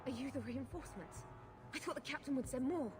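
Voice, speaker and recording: A woman's voice: sits high, fast talker, music in the background, close to an everyday voice. An actress playing a weary female guard lieutenant in a video game, giving blunt, urgent orders. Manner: blunt, urgent military briefing. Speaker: game character. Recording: game audio with background noise.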